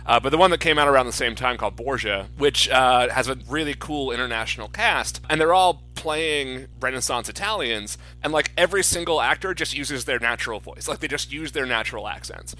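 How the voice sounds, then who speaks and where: Man, podcast co-host, bright voice, opinionated, casual movie talk. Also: mid-range voice, expressive, a little fast, hardly any pauses, low-quality recording. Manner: opinionated, explanatory. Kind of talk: casual movie review chat.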